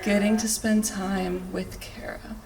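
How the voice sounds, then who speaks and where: A woman giving a short, playful toast to friends, with quick asides. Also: mid-range voice, flat delivery, a crowd in the background. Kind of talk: brief humorous toast. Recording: distant mic with faint ambience.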